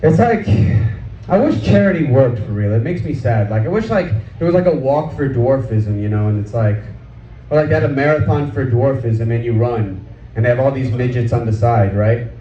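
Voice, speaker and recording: A man's voice: medium pitch, lively intonation, normal speed, warm tone. A male stand-up comedian doing an outdoor set, chatty and crude, trading questions with the crowd. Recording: echoey, distant, dull sound with faint background noise.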